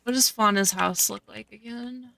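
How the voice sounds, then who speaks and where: A woman's voice: medium pitch, moderate pace, gravelly, sharp tone, no room sound. A young woman streaming a cozy game, chatting casually, reading chat aloud and gushing over cute characters. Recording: dry close sound with faint game music.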